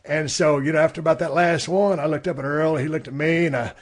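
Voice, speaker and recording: Man, middle-aged, podcast host, husky voice, laid-back, rambling, profane storytelling. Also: a little high, steady tone, fast talker. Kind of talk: casual storytelling. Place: podcast studio.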